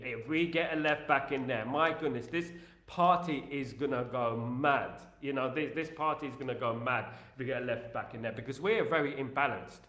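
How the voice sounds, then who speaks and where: A man's voice: medium pitch, pushed and bright, echoey room. A man hosting a football fan channel, chatting casually on a live stream and reading out viewer messages in a repetitive, joking way full of filler phrases.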